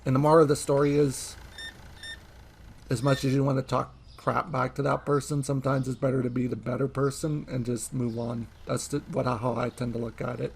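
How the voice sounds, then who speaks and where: A young man talks casually over a game, drifting into long, chatty anecdotes. His voice sits at a middling pitch with a gravelly, fry-laden edge. Faint noise hums under the recording. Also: little pitch movement, brisk. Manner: chatty, rambling anecdotes with frequent laughs. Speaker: gaming streamer. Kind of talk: casual gameplay commentary and storytelling.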